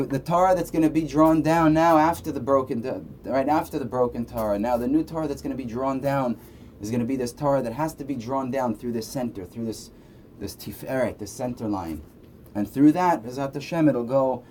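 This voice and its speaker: A man's voice: mid-range voice, dark tone. A man giving a casual Torah lesson, speaking conversationally and often checking in with "right?". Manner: conversational, frequent "right?" asides. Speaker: Torah teacher. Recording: faint background noise.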